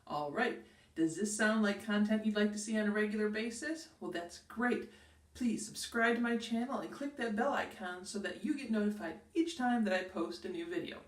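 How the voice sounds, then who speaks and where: Upbeat middle-aged woman in a roomy room. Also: medium pitch. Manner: upbeat, emphatic explainer. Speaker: career advice host. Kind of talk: direct-to-camera advice video. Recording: roomy echo, mic at a distance.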